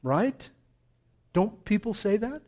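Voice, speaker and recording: Man preaching with dramatic loud-soft swings. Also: sits high, very animated, slow. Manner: dramatic swings from loud urging to quiet near-whisper. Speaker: pastor. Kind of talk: sermon.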